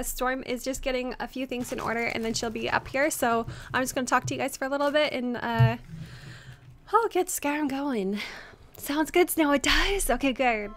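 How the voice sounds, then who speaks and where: Using a headset, a young woman with a high, somewhat bright voice streams a game and chats casually with viewers. She greets people by name amid lots of fillers, and her voice is strained from screaming the day before.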